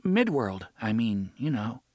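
A man's voice: medium pitch, sing-song, a little slow, a little mellow, dry recording, clean studio sound. A man voicing a frightened, defiant young boy who talks in a tense, urgent way. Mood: puzzled.

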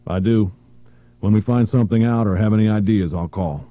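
A man voicing a calm, cooperative male official. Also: fairly low pitch, a little fast, no room sound, pitched above the performer's own voice, natural voice.

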